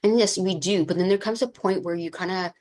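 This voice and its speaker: A woman's voice: on the low side, fairly quick, darkish tone. A woman podcast host and minister telling a candid personal story, rambling with many fillers and getting emotional.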